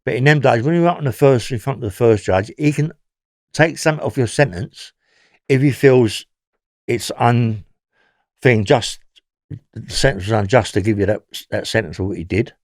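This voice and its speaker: A man's voice: medium pitch, moderate pace, darkish tone, dry recording, studio quality. A man with a London accent telling his story as an interview guest, rambling and often checking in with "yeah?".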